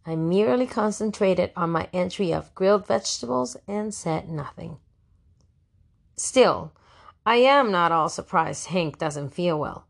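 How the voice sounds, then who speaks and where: A woman narrates a first-person diary audiobook with a wry, fussy teenage edge. Her voice sits a little low and slips into creaky fry at the ends of phrases.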